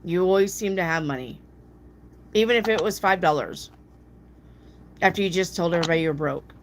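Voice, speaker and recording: A woman's voice: fairly quick, noisy background. Blunt, profane woman reading tarot. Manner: blunt and profane, mimics people in a high voice. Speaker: tarot reader answering viewer questions. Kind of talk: casual live tarot reading.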